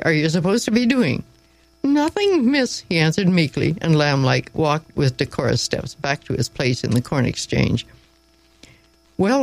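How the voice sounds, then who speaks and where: A man narrating an audiobook in a measured, wry storytelling manner, close to the mic. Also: a little high, no echo, rough recording. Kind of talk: scripted narration.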